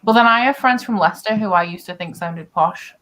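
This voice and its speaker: A woman's voice: mid-range voice, fairly quick, fairly bright tone, rough recording. A woman from the north of England hosting a casual chat with friends. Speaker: booktuber hosting a reading sprint.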